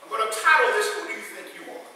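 A man's voice: sits high, animated, rapid-fire, bright, forceful tone, a little hiss or hum. A man preaching a sermon as pastor, calling out for the congregation to answer back and explaining scripture word by word. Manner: calls out for congregation response. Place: church sanctuary. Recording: echoey hall from far off. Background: congregation responding.

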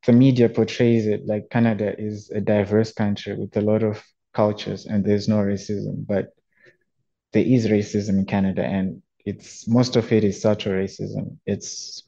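A young man from Zimbabwe giving a student presentation on a webinar, explaining in a plain, slightly halting way. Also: on the low side, gravelly, warm tone. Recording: dull lo-fi audio.

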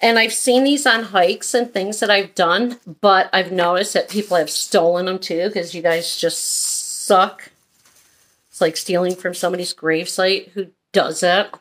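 A woman's voice: lowish voice, steady tone, measured pace, fairly bright tone. A woman vlogger chatting casually and rambling through a shopping haul, often drifting off on tangents. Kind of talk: casual chat.

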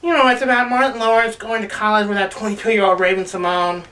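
A man's voice: high-pitched, flat delivery, fast, sharp tone. A man co-hosting a casual movie chat, joking and rambling. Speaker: co-host. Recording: distant mic with faint noise.

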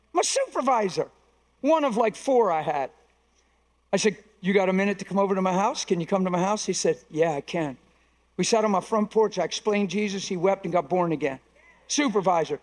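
High-voiced preaching man in a hall. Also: lively intonation, normal speed. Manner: emphatic preaching, acting out quoted dialogue in stories. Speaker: pastor. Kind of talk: sermon. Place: large conference hall. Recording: long reverb of a large hall.

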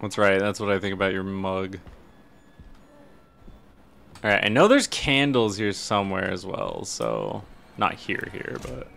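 A man's voice: fairly low pitch, lively intonation, a little slow, vocal fry, pauses often, fairly bright tone. A man streaming a horror game live, commentating and swearing, yelping when startled.

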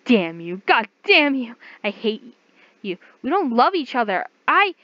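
A woman reads aloud as a frightened young woman who defies her captor and shouts back at him. The sound is dry and dull, like a low-fi home recording. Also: sing-song, measured pace, dry recording. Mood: defiant. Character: frightened, defiant young woman, the story's heroine.

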